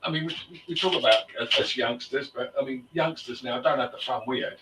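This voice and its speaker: A man's voice: mid-range voice, a little fast, background noise. A man hosting a casual chat, talking in a hesitant way with many fillers. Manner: chatty, hesitant, lots of fillers. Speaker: host. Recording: echoey room, mic far off.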